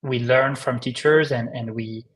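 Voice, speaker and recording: Man with a French accent, easygoing live-stream guest on a video call, middle pitch. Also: unhurried, poor audio. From France. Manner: relaxed, friendly, with restarts and ums. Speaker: company co-founder guest.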